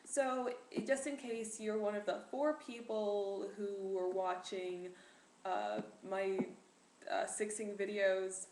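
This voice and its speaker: A woman's voice: medium pitch, steady tone, takes it slowly, darkish tone. Rambling teen girl vlogging in echoey room. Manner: rambling, filler-heavy, self-deprecating. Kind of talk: casual chat to camera. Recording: echoey room with faint noise.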